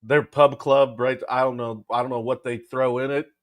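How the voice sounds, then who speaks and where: Man, mid-pitched voice, relaxed chatty co-host, casual sports talk. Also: normal speed.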